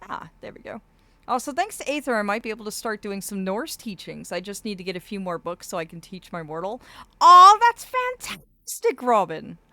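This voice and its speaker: Streaming live under a fey persona, this woman reads viewer messages and chats casually, laughing often and calling everyone darlings. She speaks briskly in a mid-range voice, a swollen cheek hinders her speech a little, and the recording is dry.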